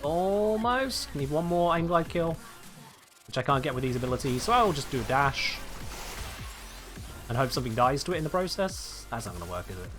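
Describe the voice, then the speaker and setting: A man's voice: mid-range voice, animated, a little fast, long pauses, a bit bright, faint music behind. A British man chatting casually on a live game stream, rambling and reading chat aloud.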